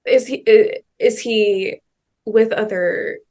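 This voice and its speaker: A woman on a video call, talking hesitantly with many restarts and fillers, soft-spoken. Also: medium pitch, steady tone, slow. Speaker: client at a reading. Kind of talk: casual conversation.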